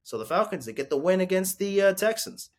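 Excitable, foul-mouthed male sports fan. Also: high voice, a little fast. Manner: excitable, profane, rambling fan talk. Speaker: sports podcast host. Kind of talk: casual sports recap and live reactions.

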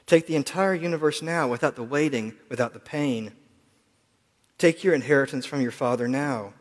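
A man voicing Satan as a smooth-talking male tempter in a sermon, his delivery coaxing and insistent. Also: mid-range voice, normal speed, close to an everyday voice. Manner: coaxing, insistent, rising and louder. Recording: long hall reverb.

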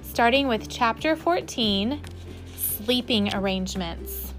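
A woman teacher reading a children's book aloud with expressive delivery. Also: a little high, measured pace, soft background music. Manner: warm, expressive.

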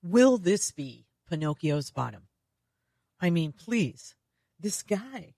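Low-voiced woman podcast host. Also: sing-song, very slow, long pauses, no room sound. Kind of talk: casual recap.

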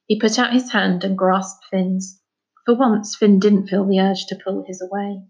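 A woman narrates a children's novel aloud in a calm, steady storytelling manner. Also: mid-range voice, a little slow, lo-fi sound. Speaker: reader.

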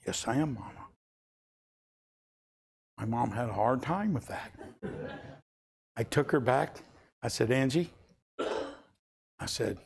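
A man's voice: medium pitch, expressive, slow, vocal fry, pauses often, slightly rough. An older man preaching a sermon, telling a family story and rising into impassioned pleas.

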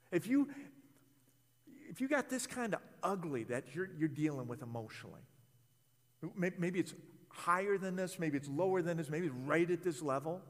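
High-voiced preacher in a reverberant hall. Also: male voice. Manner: impassioned, conversational preaching with repeated words. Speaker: pastor. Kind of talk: sermon.

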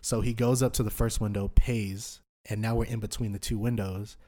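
A young man in his twenties on a podcast, telling a drunk night-out story in animated, slangy chat full of swearing. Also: lowish voice, normal speed. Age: 20s. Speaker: podcast host.

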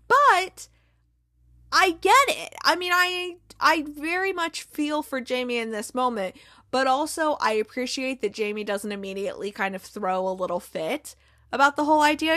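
A chatty woman recaps a TV episode, retelling scenes and slipping into quoted lines between laughs. Her voice sits fairly high and sounds dry and close. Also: unhurried, fairly bright tone, no echo. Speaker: TV recap podcast host.

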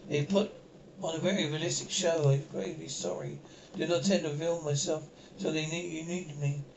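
An actor in a 1960s TV drama playing an alien man who poses as a ship's captain, speaking in a measured, grave and formal way. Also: on the high side, steady tone, creaky, echoey room. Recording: dull, distant 1960s TV soundtrack with faint hiss.

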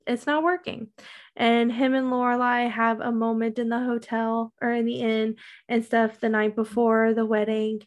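A woman's voice: a little high, darkish tone. A woman co-hosting a podcast, recapping a TV show in casual chat, rambling with many "um"s and "like"s. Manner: rambling, many fillers and likes. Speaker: podcast co-host.

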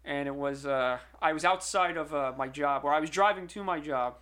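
A young man co-hosting a podcast, telling a story in an excitable way and tripping over repeated words. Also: a little high, normal speed, smooth. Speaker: podcast co-host. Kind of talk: casual chat.

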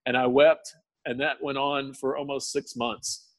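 A man giving an emotional personal testimony in a podcast interview, tearful, earnest and halting, with many restarts. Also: mid-range voice, little pitch movement, no echo. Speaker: guest sharing testimony.

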